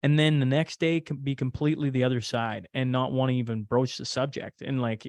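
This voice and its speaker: A man's voice: medium pitch, fairly even intonation, a little fast, hardly any pauses, darkish tone, no room sound. A man, a podcast host who talks casually as a guest, rambling with many fillers and restarts. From Canada. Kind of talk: casual conversation.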